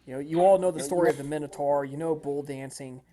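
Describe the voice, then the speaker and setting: A man narrating as game master of a tabletop role-playing game, rambling with many pauses and restarts. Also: on the high side, fairly even intonation, crowd noise. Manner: rambling, lots of fillers and restarts.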